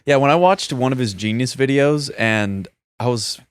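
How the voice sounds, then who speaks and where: A young man co-hosting a podcast in a relaxed, slangy, casual way with lots of fillers. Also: medium pitch, normal speed, clean tone, no echo, clean studio sound. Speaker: podcast co-host. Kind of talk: casual chat.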